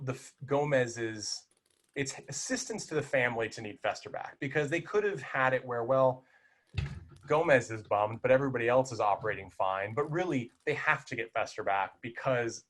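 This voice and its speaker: A man's voice: mid-range voice, fairly bright tone. A man co-hosting a film podcast, talking casually and with animation, full of restarts and fillers. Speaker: podcast co-host.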